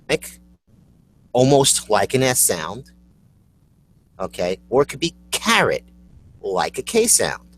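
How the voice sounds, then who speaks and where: A man co-hosts a casual chat over a computer mic setup, his lowish voice husky. He rants bluntly and swears, laughing often.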